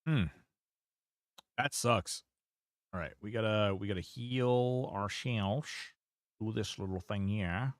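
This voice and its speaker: Low-voiced guy streaming games, swears a lot, chats with viewers, dry mic. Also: slow pace, long pauses, no echo. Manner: chatty, swears casually, reads chat aloud. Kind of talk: casual gameplay commentary.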